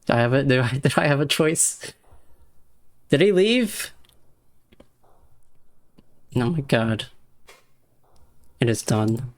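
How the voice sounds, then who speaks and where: A man's voice: medium pitch, animated, takes it slowly, long pauses. A young man streaming a video game live, talking to himself and chat in an exasperated, swearing way.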